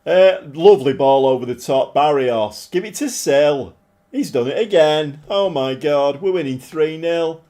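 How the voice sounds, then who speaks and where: A middle-aged man commentating live on his football management game, animated and often shouting at his players. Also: a little high, unhurried. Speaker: game streamer.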